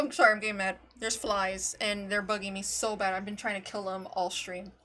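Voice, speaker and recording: A woman's voice: medium pitch, little pitch movement, fairly quick, fairly bright tone. A woman streamer chatting casually while reacting to videos, rambling and laughing often, and talking to her cat.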